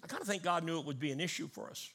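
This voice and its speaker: Male pastor, higher bright voice, emphatic preaching cadence. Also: rapid-fire, gravelly. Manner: preaching with rising emphatic call-and-response cadence; talks to the congregation, teaching word meanings. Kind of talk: sermon.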